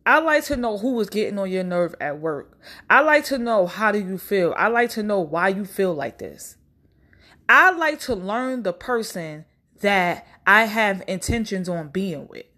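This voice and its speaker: A young woman ranting bluntly to camera in a casual, profane and animated way. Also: medium pitch, a little slow. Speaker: vlogger.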